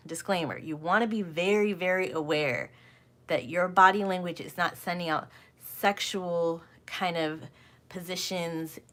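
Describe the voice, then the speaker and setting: A woman's voice: lowish voice, unhurried, fairly bright tone. A middle-aged woman giving a live coaching talk, earnest and full of rhetorical questions that she often repeats. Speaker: communication coach.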